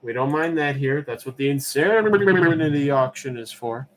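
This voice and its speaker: A man hosting a live-streamed auction, chatting casually in a relaxed, rambling way as he answers chat questions between calls. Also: medium pitch, moderate pace. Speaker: livestream auction host.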